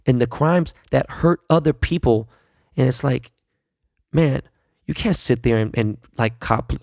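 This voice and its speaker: A man's voice: medium pitch, normal speed, gravelly, a little mellow, no echo, studio quality. A middle-aged man hosting a podcast, delivering a blunt, profane, heated solo rant. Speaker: podcast host. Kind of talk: ranting solo podcast monologue.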